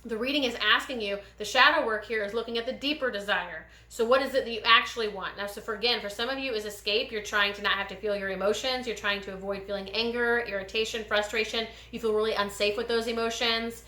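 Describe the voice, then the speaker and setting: A woman giving a gentle, meandering pick-a-card tarot reading, speaking straight to her viewers with many pauses. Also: on the high side, steady tone, reverberant. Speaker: tarot reader.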